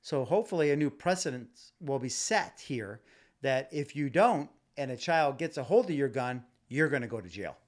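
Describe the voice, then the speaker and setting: A man's voice: mid-range voice, animated, moderate pace. A man hosting his own podcast, ranting solo with passion, repeating himself and stumbling over restarts and fillers. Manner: impassioned, repetitive, many fillers and restarts. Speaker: podcast host. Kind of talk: casual solo podcast rant. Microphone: home podcast mic.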